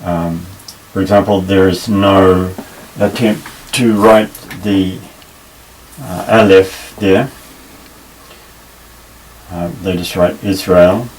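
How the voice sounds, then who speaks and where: A very deep-voiced man talks slowly through a Hebrew language lesson, pausing and restarting as he explains. He sits a little back from the microphone. A faint hiss of room noise runs under his voice. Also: steady tone, a little mellow, recorded from a distance, poor audio. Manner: unhurried, halting, with frequent fillers and restarts. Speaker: Hebrew teacher.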